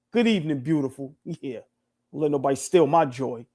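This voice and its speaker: Male stream co-host on a video call, slightly high voice, playful and showy. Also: lively intonation, brisk, darkish tone. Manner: playful, flamboyant, lists compliments. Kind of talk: casual live stream banter.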